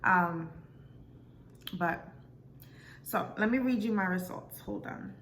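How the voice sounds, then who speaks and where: A young woman from South Florida vlogging casually as she reads out her results, with many ums and pauses to check how words are said. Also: mid-range voice, fairly bright tone, a little hiss or hum. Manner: chatty, many ums, unsure of pronunciations. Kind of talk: casual vlog, reading results aloud.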